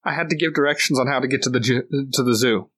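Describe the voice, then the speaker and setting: A man's voice: mid-range voice, quick pace, fairly bright tone, breathy edge. A man co-hosting a podcast, telling long stories in casual chat, laughing often and restarting his sentences. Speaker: podcast co-host.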